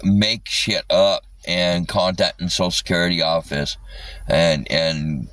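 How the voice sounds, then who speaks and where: A man's voice: low voice, fairly even intonation, a little slow, fairly bright tone, no room sound, far from the mic, low-quality recording. Angry man ranting on a livestream. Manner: agitated, swears constantly.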